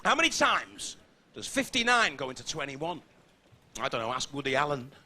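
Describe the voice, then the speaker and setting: A man's voice: medium pitch, very animated, normal speed, sharp tone, a little hiss or hum. A man with a Scouse accent doing crude, brash stand-up comedy on a theatre stage. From Liverpool, England. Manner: brash, crude, swearing punchlines.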